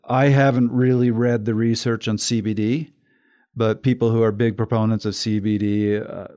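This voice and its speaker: A man co-hosting a podcast, explaining a point in a measured, cautious way. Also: on the low side, level tone, dark tone. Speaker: podcast co-host. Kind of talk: casual podcast discussion.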